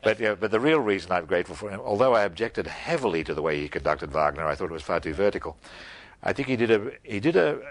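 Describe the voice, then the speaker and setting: A man's voice: deep voice, lively intonation, fast. A man hosting a library interview, telling anecdotes in a conversational way. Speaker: host interviewer.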